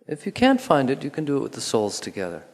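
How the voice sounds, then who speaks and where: A man calmly guiding a movement lesson, giving instructions with pauses and counted beats. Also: mid-range voice. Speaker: movement teacher. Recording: long hall reverb.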